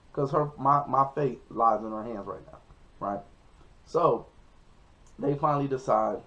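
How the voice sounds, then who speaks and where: A young man tells a story in casual vlog style, animated and leaping into high yelps when he acts out quotes. His voice is gravelly with some fry. The recording is dull and lo-fi. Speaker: comedian telling a story.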